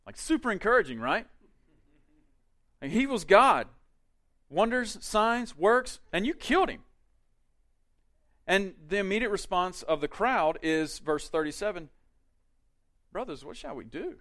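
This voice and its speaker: A male pastor preaching a sermon in a conversational way, with quick asides and emphatic peaks. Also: high-pitched, sing-song, bright, forceful tone.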